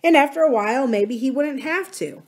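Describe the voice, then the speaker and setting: A woman's voice: high voice, animated, normal speed, voice pushed up. A woman reading as a shrewd businessman brother. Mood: practical. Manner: realistic and matter-of-fact.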